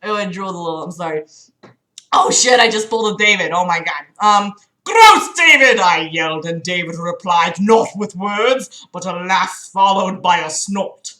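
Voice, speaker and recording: A woman's voice: lowish voice, steady tone, normal speed, fairly bright tone, reverberant. A woman reading a book aloud on a livestream, breaking off often to mock it with sarcastic, laughing, sweary commentary. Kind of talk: mocking read-aloud with commentary.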